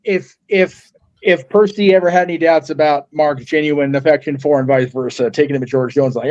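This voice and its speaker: A man's voice: on the high side, steady tone, fairly quick, a little mellow, highs cut off. A man chatting casually before and after his karaoke turn, mocking himself with profane jokes. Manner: profane, laughing self-mockery. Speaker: karaoke singer. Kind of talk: casual chat.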